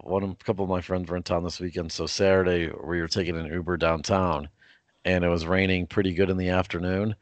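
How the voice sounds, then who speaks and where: Podcast co-host, young man, chatty and rambling, low voice, dead-dry recording. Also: no echo. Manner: rambling storytelling with many fillers and restarts. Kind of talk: casual sports podcast chat.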